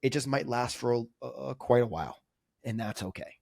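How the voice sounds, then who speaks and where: A man talks openly as a podcast guest, his speech spilling out in loose, restarting sentences packed with filler words. His voice sits at an ordinary middle pitch, lively and earnest in delivery. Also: brisk, creaky, no echo, studio quality. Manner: energetic, rambling, full of "like" fillers. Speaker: podcast guest, coaching client. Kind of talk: candid conversational reflection. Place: lives in Argentina, remote podcast.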